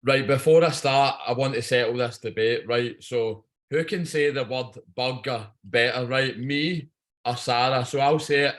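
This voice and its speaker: A Scottish man talks over a video call with a blunt, jokey manner and cheerful swearing. He speaks at an ordinary pitch and pace, teasing the people listening as he hypes them up. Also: normal speed, fairly bright tone. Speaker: guest speaker on a training call. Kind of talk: video call pep talk.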